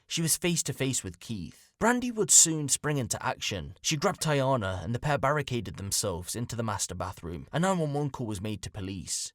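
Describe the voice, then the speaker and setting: A man's voice: medium pitch, a bit bright, no room sound, clean studio sound. Grave male true crime narrator. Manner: measured, grave storytelling. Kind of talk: scripted narration.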